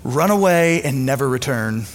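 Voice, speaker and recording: A man doing a low, hushed menacing enemy. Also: lively intonation, moderate pace, natural voice. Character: sly male enemy whispering lies, menacing.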